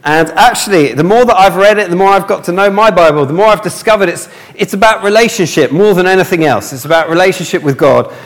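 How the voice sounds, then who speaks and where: A man's voice: high-pitched, fast, hardly any pauses. Man telling a funny story in a hall. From north of England. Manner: humorous, self-mocking, acts out dialogue. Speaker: speaker. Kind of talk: storytelling sermon. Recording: long hall reverb.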